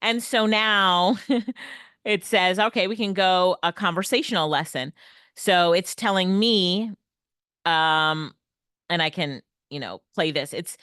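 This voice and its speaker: A woman's voice: on the low side, slow pace, fairly bright tone, smooth, dry recording, clean studio sound. A woman presenting an online workshop on everyday AI tools, upbeat and laughing often. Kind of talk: online tech lesson. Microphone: headset or desk mic, video call.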